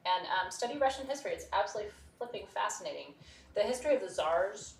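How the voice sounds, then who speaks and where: Effusive woman host, mid-pitch, chatty sales patter, heard from a distance in a roomy space. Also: lively intonation, fast, creaky, a little hiss or hum. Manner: talkative, effusive, enthusiastic. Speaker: host of a live gemstone sales show. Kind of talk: chatty live sales presentation. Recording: roomy studio sound from a distance.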